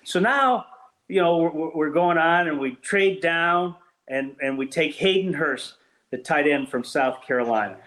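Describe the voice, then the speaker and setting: An older man recalls old times as an interview guest, his voice sitting a little high for a man. He tells his stories with animation, often restarting his sentences as he goes. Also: measured pace, poor audio. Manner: animated storyteller with many restarts. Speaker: former team PR executive, guest. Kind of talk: storytelling anecdotes in an interview.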